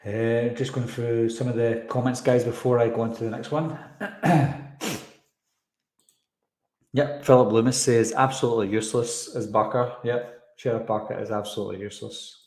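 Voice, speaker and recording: A man's voice: mid-range voice, steady tone, moderate pace, a little mellow. Man chatting in a roomy echo. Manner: chatty, rambling, frequent fillers. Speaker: live stream host. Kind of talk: casual live chat reading viewer comments.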